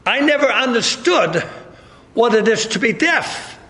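A man's voice: extremely high pitch, expressive, measured pace, pushed and bright. A man preaching a sermon in a church. He speaks emphatically and keeps repeating rhetorical questions. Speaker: pastor. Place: church sanctuary. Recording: echoey hall with long reverb.

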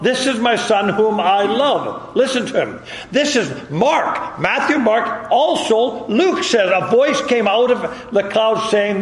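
A man preaching a sermon in a church. He speaks emphatically and keeps repeating rhetorical questions. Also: sits high. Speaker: pastor. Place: church sanctuary. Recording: echoey hall with long reverb.

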